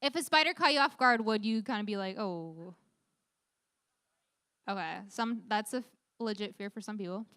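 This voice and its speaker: A woman's voice: medium pitch, fast, pushed and bright, smooth, no echo, studio quality. A young woman leading a youth group Bible talk, upbeat, often putting questions to the teens. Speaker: youth leader.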